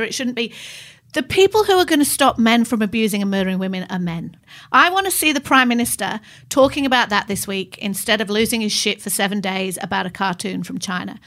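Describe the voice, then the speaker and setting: Bright, impassioned woman. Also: a little high. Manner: impassioned, emphatic. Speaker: podcast co-host. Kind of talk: casual podcast chat.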